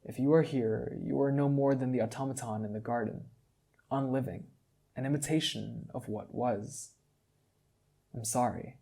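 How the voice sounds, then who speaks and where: A grieving male wizard says his farewells in a hushed, emotional voice in a fantasy storybook reading, as a male narrator takes his part. The tone is dark and mellow with a husky edge. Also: mid-range voice, normal speed. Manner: quiet and choked with emotion.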